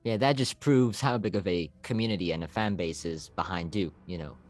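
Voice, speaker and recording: A man's voice: low voice, brisk, darkish tone, dry recording. A man hosting a podcast, eagerly asking a guest questions. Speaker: podcast host. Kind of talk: casual interview.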